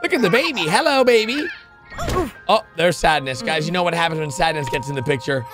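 A reaction video host giving excited commentary, exclaiming and firing off questions constantly as clips play. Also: mid-range voice, a little fast. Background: video clip audio with music.

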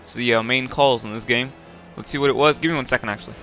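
A man giving live commentary while playing a hockey video game, excitable and quick to yell and swear at the plays. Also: mid-range voice, muffled recording, soft background music. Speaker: gaming video creator.

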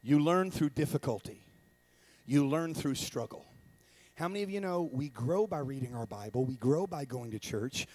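A man preaching in a church as a traveling evangelist, telling comic stories with acted-out voices and sudden shouted bursts. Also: fairly high pitch, moderate pace, dry recording. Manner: animated, acts out voices with loud shouted bursts and laughter. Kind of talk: comedic sermon storytelling.

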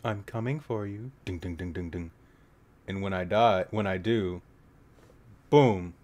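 A man making jokey, profane reaction commentary on a horror game, trading mumbled asides for sudden shouted outbursts. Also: deep voice, unhurried.

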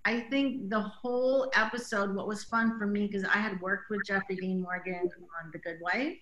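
A woman with a bright, forceful voice talks through her memories as a director, full of "like" fillers and quoted asides. Her voice rings in a roomy, echoing space, as over a video call. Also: mid-range voice, fairly even intonation, normal speed, highs cut off, a little hiss or hum. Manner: chatty storyteller, many "like" fillers, acts out quotes. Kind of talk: casual interview chat. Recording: roomy echo.

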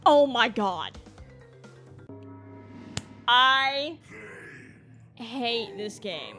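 A woman's voice: high-pitched, big pitch swings, unhurried, bright, forceful tone, faint music behind. A woman giving exasperated, exclaiming let's-play commentary, often calling out "bro". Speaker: gamer.

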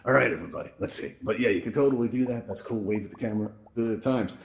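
In a virtual reality event space, a man presenting a VR tech event talks at a racing clip, his fairly low voice creaky, picked up by a headset mic. His casual tutorial on fixes is cheerful and talkative, peppered with "right?"

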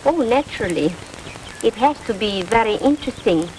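A woman's voice: medium pitch, lively intonation, moderate pace, background noise, close to an everyday voice. An actress playing a playful, teasing young woman, in a 1940s film comedy. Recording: old film soundtrack with music.

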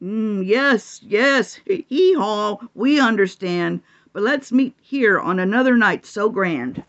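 A woman voicing a gentle, friendly donkey spirit in a storybook, warm and sing-song. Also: mid-range voice, expressive, takes it slowly, lo-fi sound. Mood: joyful.

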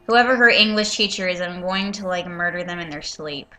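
Sarcastic woman reader with a sharp, bright voice who keeps interrupting herself with profane jabs. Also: on the low side, a little fast. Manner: sarcastic, profane, exasperated asides. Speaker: reader and commentator. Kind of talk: reading a fanfiction aloud with mocking commentary.

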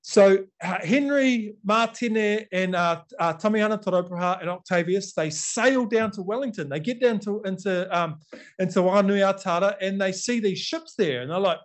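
Man, New Zealand accent, middle-aged, slightly high voice, lively storytelling talk, casual fillers. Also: normal speed. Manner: conversational, animated, acts out quotes, many fillers. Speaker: speaker giving a talk.

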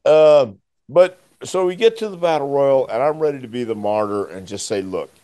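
A man, a former wrestler, telling a story in a casual chat, animated and laughing often as he acts out the voices. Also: medium pitch, moderate pace, no room sound.

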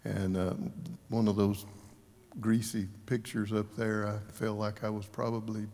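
A man giving an informal eulogy, telling folksy stories with chuckles and throat-clearing. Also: lowish voice, little pitch movement, a little slow, a little mellow. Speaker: memorial service speaker. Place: large church sanctuary. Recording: long church reverb.

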